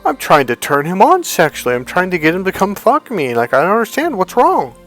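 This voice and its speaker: Man doing a whiny, baffled young woman: high and squeaky, exasperated and confused, a quick put-on in a spoken anecdote. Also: huge pitch swings, fairly bright tone, heavily acted.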